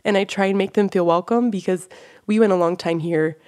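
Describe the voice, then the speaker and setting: A woman's voice: medium pitch, fairly quick, darkish tone. A woman guest on a church podcast, telling a story in casual conversation and acting out the voices of the people in it. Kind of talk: casual testimony chat.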